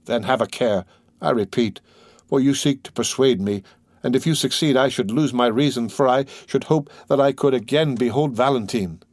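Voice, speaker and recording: A man's voice: medium pitch, moderate pace, darkish tone, no room sound, studio quality, lightly acted. A man reading an anguished grieving young man. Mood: pleading.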